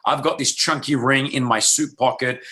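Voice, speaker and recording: Man, 30s, from Australia, radio host, guest in a casual interview, animated storytelling, bright tone. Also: mid-range voice, moderate pace. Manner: animated storyteller acting out quoted voices.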